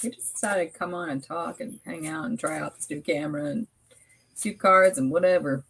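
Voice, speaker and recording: A woman's voice: deep voice, brisk, creaky, a bit bright, breathy edge. A middle-aged woman co-hosting a casual late-night live stream, bubbly and chatty, pulling tarot cards and laughing often.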